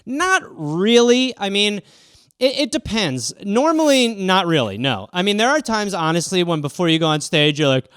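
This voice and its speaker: A man hosting a comedy podcast, riffing casually in an animated way, swearing and slipping into quick voices. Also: high-pitched, clear, resonant tone, no echo, clean studio sound.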